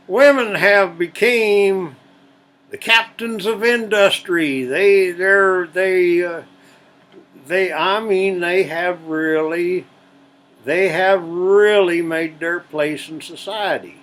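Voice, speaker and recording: Guy spinning jokes real slow, kinda high voice, easy drawl. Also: a bit bright, poor audio. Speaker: channel host telling jokes. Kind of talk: folksy joke-telling.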